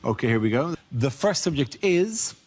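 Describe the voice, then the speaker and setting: A man hosting a comedy panel show, announcing the next round in a brisk, measured way. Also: medium pitch, big pitch swings, darkish tone. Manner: brisk, measured presenter delivery. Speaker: host.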